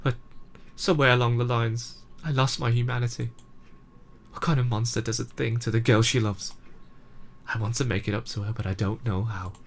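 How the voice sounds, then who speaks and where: A man's voice: mid-range voice, steady tone, moderate pace, creaky, a little hiss or hum, natural voice. A man voicing a proud, remorseful teenage girl club president, emotional and tearful, in a fan reading of a game. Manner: emotional, breaking into tears.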